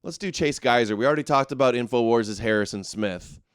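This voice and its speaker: Man, show host, mocking and sarcastic, clear voice, dead-dry room. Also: medium pitch, no echo. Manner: mocking, sarcastic, quick asides. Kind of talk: live commentary reacting to clips.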